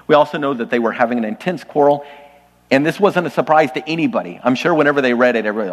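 A man preaches to his congregation in a casual, lightly humorous way, turning to the people in front of him again and again. His voice sits at an ordinary middle pitch. The sound trails off into the long reverb of a church hall. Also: expressive, rapid-fire. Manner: conversational, lightly humorous, addresses the congregation directly. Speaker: pastor. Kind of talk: sermon. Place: church sanctuary.

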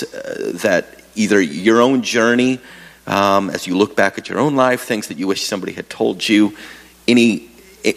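A man's voice: sits low, creaky, long reverb tail, poor audio. A man, a pastor, interviewing a guest on stage at a church service, searching for words with many fillers. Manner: halting, many fillers, friendly. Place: church sanctuary with congregation.

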